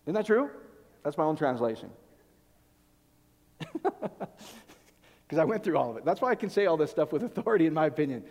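A man delivers a sermon with animated energy, jumping between loud, emphatic bursts and quiet, intimate asides. His voice sits a little higher than most men's. The sound rings with a long reverb, like a big hall. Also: brisk, long pauses. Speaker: preacher.

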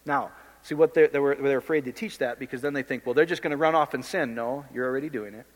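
A man's voice: medium pitch, quick pace. A man preaching an informal sermon in a blunt, impassioned, conversational way, often addressing the listeners directly. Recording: long hall reverb.

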